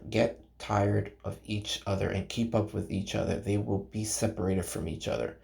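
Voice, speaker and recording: This is a casual read-aloud with commentary: a channel host works through a game novel in a halting, unpolished way. His voice is lowish, gravelly and a little mellow, and he stumbles over names, restarts sentences, and keeps pausing between passages to talk with viewers.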